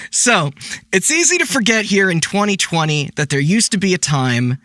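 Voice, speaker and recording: A man co-hosting a casual podcast chat, laughing often and talking in a lively way. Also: high voice, normal speed, dry recording, studio quality. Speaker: podcast co-host.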